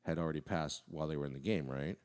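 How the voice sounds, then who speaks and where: Deep-voiced blunt man. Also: fast talker, a little mellow, clear, resonant tone. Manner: blunt, swears, argumentative. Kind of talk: casual chat.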